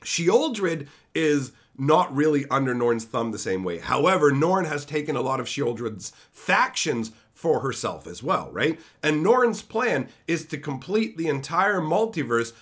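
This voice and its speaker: A man's voice: a little high, very animated, measured pace, hardly any pauses, fairly bright tone. A man voicing a battered, half-destroyed alien machine lord as he retells a story. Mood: grave. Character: battered mechanical alien male warlord, desperate.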